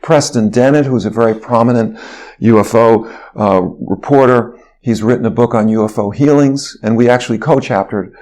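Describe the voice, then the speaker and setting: Man guest, physician, telling a rambling anecdote, mid-pitched voice. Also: moderate pace, a little mellow. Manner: rambling anecdotal storytelling with fillers. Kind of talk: storytelling interview.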